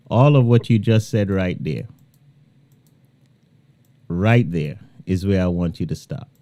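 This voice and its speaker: A male radio host talks slowly and emphatically, repeating phrases to drive a point home. His voice is mellow and dark. The studio sound is close and dry. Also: fairly low pitch, no echo. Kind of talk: live radio talk.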